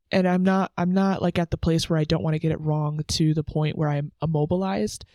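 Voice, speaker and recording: A woman's voice: low voice, mellow, no room sound. A young woman hosting a faith podcast, talking candidly and earnestly from home, chatty with lots of filler words. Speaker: podcast host. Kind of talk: casual devotional talk. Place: sitting on the floor at home under a blanket.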